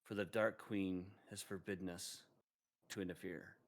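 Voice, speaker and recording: A man voicing an old man who is secretly a brass dragon, speaking in a grave, measured way. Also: low-pitched, fairly even intonation, natural voice. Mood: solemn.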